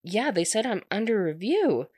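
A woman voices a flustered young teacher in a sing-song, mid-range voice, pitched above her own, at normal speed and a little mellow. The recording is clean studio sound with no room sound.

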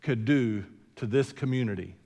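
A man's voice: medium pitch, normal speed, darkish tone, long reverb tail. A man preaching a sermon as senior pastor, in a conversational, folksy way full of rhetorical questions, recorded in a church sanctuary.

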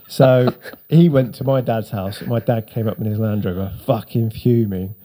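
A middle-aged man with a husky voice, telling a long, sweary story on a casual chat podcast. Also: medium pitch, fairly even intonation, normal speed, mellow. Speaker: podcast co-host.

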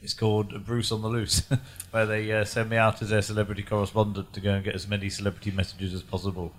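A man's voice: on the low side, completely flat delivery, fast. A man from the audience talking eagerly, with giggles through his speech. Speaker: audience member.

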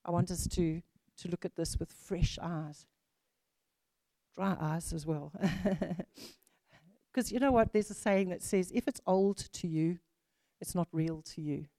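A woman's voice: fairly low pitch, slow pace, long pauses, dark tone, no echo. A woman in her fifties preaching a sermon in a chatty way, with many fillers and restarts.

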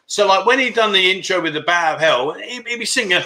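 A man's voice: high voice, lively intonation, fairly quick, hardly any pauses, pushed and bright. A middle-aged man hosting a casual livestream chat show, joking, teasing viewers and reading out their comments. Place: home in Pattaya.

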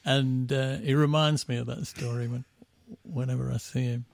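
Middle-aged English musician, gravelly, dry close sound, rambling raconteur. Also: male voice, medium pitch, fairly even intonation, moderate pace, no echo. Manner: rambling storyteller with restarts, laughing at his own stories. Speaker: band musician guest. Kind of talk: casual anecdotal chat.

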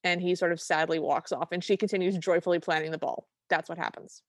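A woman's voice: lowish voice, steady tone, fast, dry recording, clean studio sound. Chatty woman podcast co-host. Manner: enthusiastic, acts out quoted lines. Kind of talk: casual chat recapping a film.

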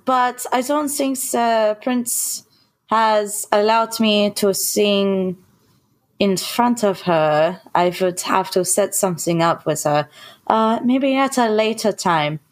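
A woman's voice: medium pitch, takes it slowly. A woman playing her character in a tabletop game, modest and hesitant, with fillers. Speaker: player. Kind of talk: in-character role-play.

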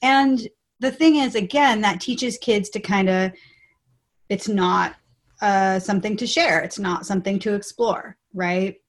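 A woman in her forties, a research guest on a podcast, explaining ideas in an upbeat way and lively when quoting. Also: mid-range voice, unhurried. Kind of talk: podcast interview.

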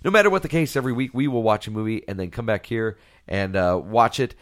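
Congested forty-ish male podcast co-host, low and dry, loose and chatty. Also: quick pace, no room sound. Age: about 40. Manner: congested, stuffed-up, relaxed and rambling. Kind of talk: casual chat.

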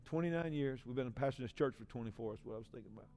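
A man in his forties, a pastor, giving an emotional personal testimony in a sermon, swinging from hushed to loud. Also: mid-range voice, rapid-fire. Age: 40s.

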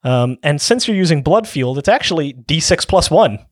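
Higher-voiced man explaining game tactics. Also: animated, a little fast, no echo, studio quality. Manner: explains game rules step by step with frequent "um"s. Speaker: podcast co-host. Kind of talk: casual tabletop gaming chat.

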